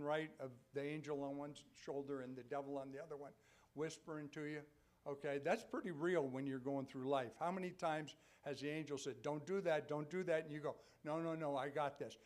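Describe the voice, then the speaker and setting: An older man preaching a sermon in a church, talking to the congregation in a conversational way, checking in with frequent "okay?" and building to loud, emphatic peaks. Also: fairly high pitch. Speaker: pastor. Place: church sanctuary.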